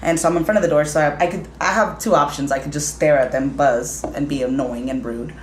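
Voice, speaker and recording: A low-voiced woman tells a quick, blunt story on a casual podcast, swearing as she goes. The sound is roomy, with faint noise behind it. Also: fairly even intonation. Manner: blunt, swears, talks fast. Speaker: podcast co-host.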